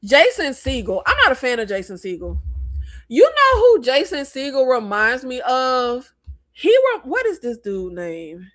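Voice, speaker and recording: American lady with a high voice ranting about movies, blunt, opinionated, goes off on tangents. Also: unhurried. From United States. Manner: blunt, animated and opinionated, with rambling asides. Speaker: host. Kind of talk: casual movie review chat.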